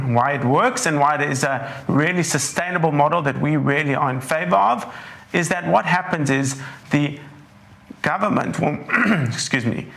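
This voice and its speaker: A man, a portfolio manager with a croaky, hoarse throat, giving a measured webinar presentation that walks through charts. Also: on the high side, a bit bright. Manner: measured, leans on "importantly", walks through slides.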